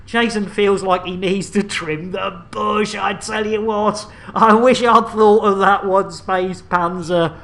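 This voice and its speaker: A woman streams a space game and chats with her audience in quick, jokey banter. Her voice sits at a middling pitch, and the talk stays loose and playful. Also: fairly even intonation, fairly bright tone. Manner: chatty, jokey, fast banter with viewers. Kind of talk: live gameplay commentary.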